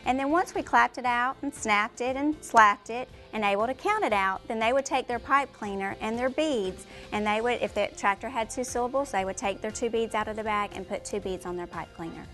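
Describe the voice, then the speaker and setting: A woman pre-K teacher describing a lesson she taught, in a plain, relaxed way. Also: a little high, fairly quick, hardly any pauses, faint music behind. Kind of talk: interview recollection.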